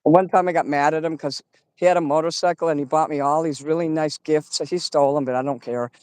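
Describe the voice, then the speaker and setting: A woman's voice: deep voice, steady tone, brisk, darkish tone, clean tone, no room sound. A middle-aged woman telling rambling, crude stories in a casual stream chat.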